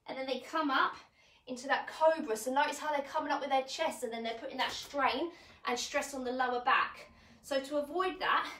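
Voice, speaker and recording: A bright, high-voiced woman runs a live fitness technique class, talking chattily as she demonstrates each move. She sounds a little out of breath and encouraging. Her voice bounces around an echoey room. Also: recorded from a distance. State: slightly out of breath. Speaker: fitness coach.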